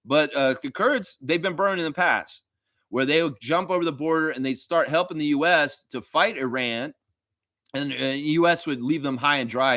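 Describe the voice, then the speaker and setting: Man, fan show host, loose profane chat, tense bright tone, medium pitch. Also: dry recording, studio quality. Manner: animated, profane, talks to chat viewers. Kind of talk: casual livestream chat.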